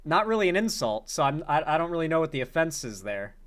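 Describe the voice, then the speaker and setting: A man's voice: a little high, very animated, quick pace, fairly bright tone. A man reacting to comedy clips as a commentary host, talking bluntly and profanely with frequent incredulous outbursts.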